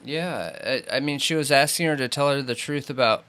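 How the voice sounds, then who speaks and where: A man's voice: medium pitch, moderate pace, sharp tone, smooth. A man co-hosting a podcast, giving short reactions and opinions in casual chat. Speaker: podcast co-host.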